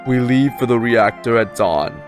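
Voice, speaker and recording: A man voicing a calm, cold-blooded swordsman from a game, his orders coming out level and commanding at a medium pitch with a faint put-on accent. Faint music plays underneath. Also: moderate pace, lightly acted. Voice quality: even, commanding delivery with a slight put-on accent. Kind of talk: reading game dialogue aloud.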